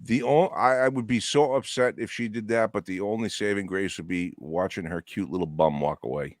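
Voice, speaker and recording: An easygoing man trades jokes with his co-host on a casual live stream. His voice sits low. The sound is dry and close, with no room echo. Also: a little fast. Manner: joking, easygoing banter. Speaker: regular co-host of a live online show.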